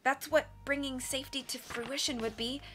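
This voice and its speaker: A woman putting on a poisoned teenage girl from a storybook, speaking in a feeble, frantic wheeze. The voice rides high and bright, thin with the struggle to breathe. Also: steady tone, normal speed. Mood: weak, frantic.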